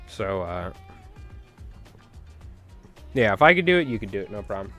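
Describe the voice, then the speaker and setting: Tying flies on a live stream, this host rambles through stories for his viewers, chuckling frequently and addressing chat casually. His fairly low voice has big pitch swings, a moderate pace and a fairly bright tone. Faint music plays behind him.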